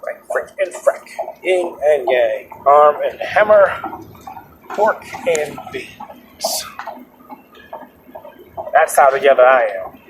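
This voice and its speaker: A man's voice: a little high, sing-song, slow, long pauses, rough recording. A man hosting his own show, talking in a loose, rambling monologue, laughing often and restarting his sentences. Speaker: podcast host. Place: moving vehicle. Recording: road noise in a car. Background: road noise.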